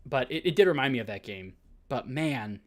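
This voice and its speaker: A man co-hosting a gaming podcast, talking in casual, excited, rambling bursts. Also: mid-range voice, moderate pace. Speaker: podcast co-host. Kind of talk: casual chat.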